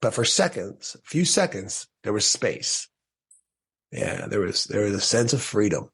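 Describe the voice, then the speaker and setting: A man with a low, breathy-edged voice tells his own story as a podcast guest. He talks earnestly and in fits and starts, often restarting a thought mid-sentence. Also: unhurried. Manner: earnest, restarts sentences, animated when quoting. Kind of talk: personal storytelling in a podcast conversation.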